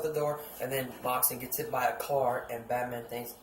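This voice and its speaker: A young man talks through a comic book story in a loose, rambling way, swearing and putting on the characters' lines as he goes. His voice sits at a middling pitch. The room sounds echoey, with a faint hum behind him. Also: steady tone, moderate pace. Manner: rambling, swears, acts out quotes. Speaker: podcast host. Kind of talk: casual comic book recap.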